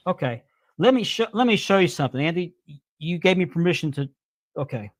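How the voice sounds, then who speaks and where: A man's voice: on the high side, animated, fairly quick, dry recording. A man hosting a live-stream talk show who speaks indignantly and repeats his points for emphasis. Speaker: podcast host.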